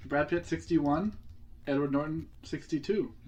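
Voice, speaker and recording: Slightly high-voiced man reading out scores. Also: measured pace, darkish tone. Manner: runs the quiz, reads out numbers. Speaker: podcast co-host, quizmaster. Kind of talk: casual chat, reading out scores.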